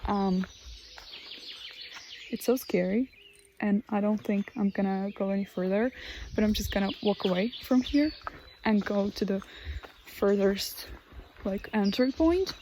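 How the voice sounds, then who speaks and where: 18-year-old woman, rambling solo vlogger on a handheld phone, soft faint birdsong behind. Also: mid-range voice, measured pace, long pauses, slight background noise. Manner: rambling, hesitant, drops to a whisper at times. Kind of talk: casual chat. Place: outdoors in a forest.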